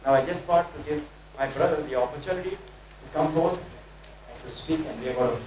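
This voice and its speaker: Brief: male prophet, emphatic decree-style delivery, distant mic in a reverberant room with a low hum. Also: a little mellow. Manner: declamatory, proclaiming scripture-laden decrees with slow emphatic phrases. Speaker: prophet leading a training session. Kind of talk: prophesying over individuals.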